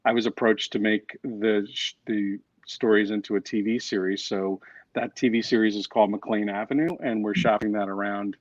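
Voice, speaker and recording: Guest author: low-voiced man, chatty and self-deprecating, on a dry, muffled video call. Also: fairly even intonation, normal speed, no room sound. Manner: storytelling, self-deprecating, restarts often. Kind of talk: casual interview chat.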